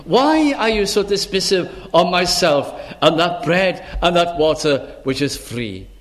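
A male minister delivers a sermon in a voice pitched on the high side. He pleads earnestly, stacking up rhetorical questions and quoting scripture in its old wording. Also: lively intonation, a little slow.

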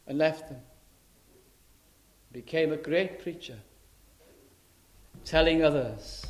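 A man preaching a sermon in a church, emphatic and dramatic, swinging between loud and soft. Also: fairly high pitch, slow pace, pauses often. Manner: emphatic, dramatic rises and drops in loudness.

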